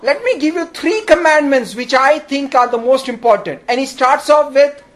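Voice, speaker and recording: High-pitched man preaching a sermon, emphatic, asks the congregation questions and draws their responses. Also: normal speed. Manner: emphatic, with sudden jumps in pitch and volume.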